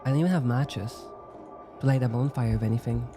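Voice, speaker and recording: A man's voice: medium pitch, brisk, music in the background. A man giving casual gameplay commentary, thinking aloud and musing with lots of "like" fillers. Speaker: let's-play gamer.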